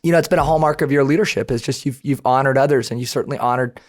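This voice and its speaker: A male podcast host speaks in an affirming, reflective way. His voice sits at a middle pitch as he sums up his guest's points and leads into the next question. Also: very fast. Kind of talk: conversational interview.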